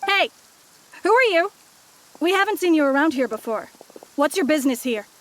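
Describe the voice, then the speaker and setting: A woman's voice: high voice, lively intonation, moderate pace, fairly bright tone. An actress voicing a stern young woman forest ranger who questions strangers firmly, as game voice acting. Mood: suspicious. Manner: firm, questioning.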